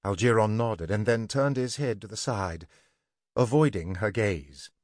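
A man narrating a scripted fantasy story in an even, deliberate way. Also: fairly low pitch, dry recording, studio quality.

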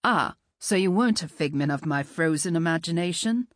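A woman voicing a charming, stranded young man with a deep, raspy voice and a slight British-Scottish lilt, in an audiobook. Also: measured pace, no echo, studio quality.

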